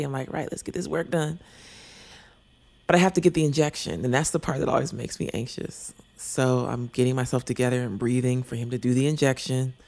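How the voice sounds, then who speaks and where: Gravelly man telling a candid story. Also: mid-range voice, darkish tone. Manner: earnest, rambling, confessional.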